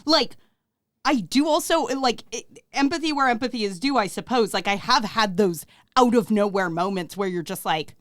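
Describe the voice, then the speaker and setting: A young woman hosting a casual podcast, candid and expressive, swearing casually as she chats. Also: fairly high pitch, moderate pace, dry recording, studio quality. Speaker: podcast host.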